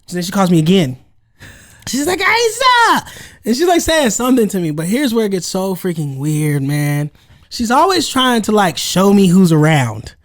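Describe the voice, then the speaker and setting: Man, podcast co-host, casual chat, animated storyteller, bouncy lively pitch. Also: moderate pace. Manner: animated storyteller, laughs often and acts out voices.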